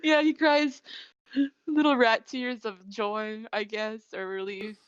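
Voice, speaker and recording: Woman host recapping a show, smooth clear voice, dry dull lo-fi sound. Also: a little high, takes it slowly, no room sound. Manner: chatty storytelling with many fillers. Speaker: podcast host. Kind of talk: casual episode recap chat.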